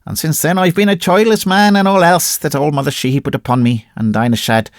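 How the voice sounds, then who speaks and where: A man's voice: fairly high pitch, steady tone, brisk, dry recording, studio quality, voice pushed up, close to an everyday voice. A man voicing a burly, grieving Irish army private telling his sorrows with an Irish accent. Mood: mournful. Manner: earnest, mournful storytelling.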